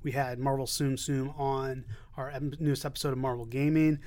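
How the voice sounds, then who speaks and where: A man hosting a podcast news roundup, talking in an upbeat, relaxed way with a few fillers. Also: mid-range voice, a little fast. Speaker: podcast host.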